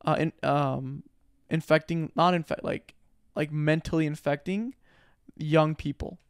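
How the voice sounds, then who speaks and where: A young man with a high-leaning, clear, resonant voice co-hosts a podcast at an unhurried, steady pace. He chats casually and rambles, with plenty of fillers and laughter. The studio sound is clean, with no room sound.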